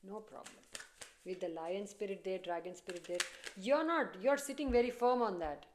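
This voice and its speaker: A woman's voice: medium pitch, normal speed, slight background noise. A woman giving a casual tarot reading, chatty and repetitive, often breaking into laughter. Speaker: tarot reader.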